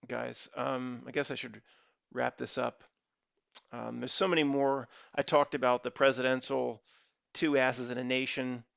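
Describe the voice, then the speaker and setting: A man's voice: medium pitch, vocal fry, fairly bright tone, clear, resonant tone, no echo. A man hosting his own channel, talking in a rambling solo monologue full of restarts and asides to his viewers. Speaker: channel host. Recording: dull lo-fi dry recording.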